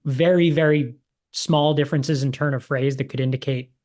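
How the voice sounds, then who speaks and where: A man hosts a podcast in a mid-pitched, even voice. He speaks thoughtfully and hesitantly, restarting his sentences as he works through an idea. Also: moderate pace. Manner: thoughtful, hesitant, repeats words. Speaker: podcast host, ghostwriter. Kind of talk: casual interview conversation.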